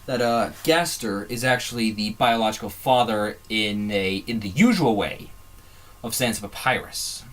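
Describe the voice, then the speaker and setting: With a fairly low, slightly bright voice at normal speed, a video host rambles through casual fan commentary, drifting into digressions and often abandoning and restarting his sentences.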